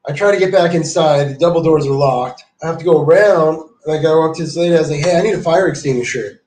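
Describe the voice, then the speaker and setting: A man's voice: fairly high pitch, steady tone, quick pace, a little mellow, slight background noise. Rambling, profane man in echoey room. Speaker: livestreamer. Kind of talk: casual livestream chat.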